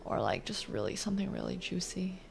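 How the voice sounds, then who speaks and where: A woman streaming her online chess games, talking through the moves and swinging from quiet muttering to loud outbursts. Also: fairly low pitch, big pitch swings, a little fast, creaky, soft background music. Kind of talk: live commentary while playing online chess.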